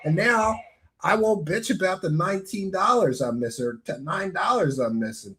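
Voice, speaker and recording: A man hosting a livestream, talking in a profane, mocking comedic way and often breaking into shouts. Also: high-pitched, animated, moderate pace. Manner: loud, mocking, swings into shouting. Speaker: livestream host.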